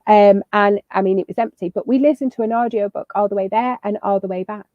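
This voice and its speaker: Speaking quickly in a steady, medium-pitched voice, a woman offers cheerful parenting tips as a video call guest, chatting casually with plenty of fillers and false starts. The audio is slightly muffled and lo-fi, with no room sound.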